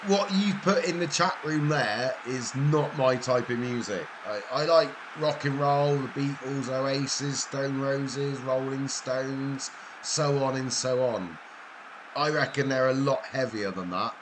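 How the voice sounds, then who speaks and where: Man, game streamer, casual chat, laughs a lot, joking, mid-pitched voice. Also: a little slow, background noise.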